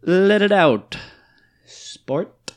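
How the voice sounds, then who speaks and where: A man's voice: high-pitched, animated, very slow, heavily acted. A man reading the part of a ghostly dictator with a bullet wound, needy and melodramatic, in a stage play reading. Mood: fussing. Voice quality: theatrical, swinging between whimpers and outbursts.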